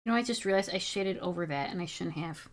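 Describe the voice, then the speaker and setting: A woman's voice: fairly low pitch, fast talker, slight background noise. Chatty young woman streamer ranting. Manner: chatty, indignant storytelling with swearing. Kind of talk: casual chat while drawing on stream.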